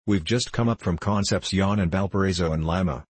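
A man doing a bluff, booming businessman. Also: fairly quick, no room sound. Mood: bluff hearty. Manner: hearty, gruff and booming. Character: burly, arrogant, bluff middle-aged businessman.

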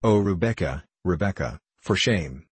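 Man reading timid young woman, storybook, pleading, low husky dry voice. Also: normal speed, dry recording. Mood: shocked. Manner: shocked and pleading. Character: timid gentle young woman, easily alarmed.

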